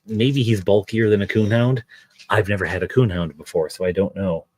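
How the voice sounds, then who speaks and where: A man's voice: lowish voice, steady tone, moderate pace, a little mellow, husky, no room sound. A middle-aged man streaming his miniature painting, chatting in a rambling way with his viewers and his dog. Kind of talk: casual live-stream chat.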